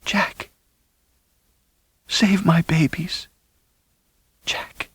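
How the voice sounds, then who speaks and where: Guy doing a dying woman, frail and pleading, faint breathy whisper, higher and soft, whispered role-play. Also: fairly even intonation, drawn-out words, no echo, exaggerated voice. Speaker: audiobook narrator.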